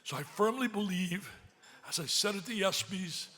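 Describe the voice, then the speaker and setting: An older man giving an emotional gala speech, swinging from loud excitement to hushed pleading, at a podium microphone in a large banquet hall. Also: high-pitched, moderate pace. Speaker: speaker at a charity gala.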